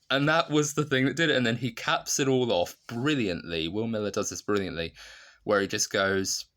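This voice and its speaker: A man's voice: fairly low pitch, normal speed, fairly bright tone. A man giving a casual, chatty review of a TV sitcom, retelling scenes with lots of fillers and laughter.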